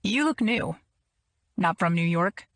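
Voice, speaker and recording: A woman's voice: lowish voice, expressive, slow, a bit bright, no room sound, exaggerated voice. A woman voicing a pushy, overfamiliar man flirting at a party, in a smarmy tone.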